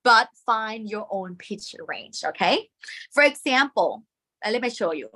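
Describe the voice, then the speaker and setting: A woman's voice: mid-range voice, lively intonation, measured pace, bright, forceful tone. A woman with a Thai accent teaching Thai tones in a live online lesson, often checking in with "okay?" and singing syllables to demonstrate.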